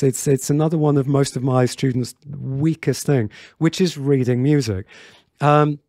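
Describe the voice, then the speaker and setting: Chatty male piano teacher, mellow voice. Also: mid-range voice, steady tone, moderate pace, dry recording, studio quality. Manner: chatty, many fillers and restarts, counts beats aloud. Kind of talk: online piano tutorial.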